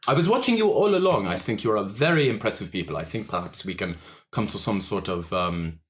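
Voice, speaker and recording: A man's voice: on the low side, lively intonation, brisk, natural voice. A man voicing a suave male half-orc priest with a put-on French accent, charming and theatrical.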